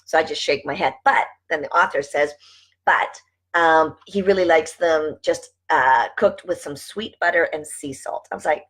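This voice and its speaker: A woman talks casually to her viewers in a voice that sits a little low and has a husky, breathy edge. She reads bits aloud from a book and chats about them, checking in with "right?" and little exclamations. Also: normal speed, fairly bright tone. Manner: chatty, keeps asking "right?", exclaims. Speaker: vlogger. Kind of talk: casual chat reading from a book.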